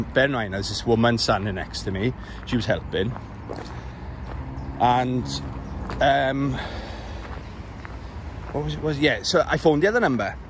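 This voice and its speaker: A man's voice: medium pitch, fairly bright tone. A Welsh man talks into a handheld camera while out walking on suburban streets. His storytelling rambles and sounds exasperated, with the odd swear word. Faint traffic hums in the background. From Wales. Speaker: vlogger.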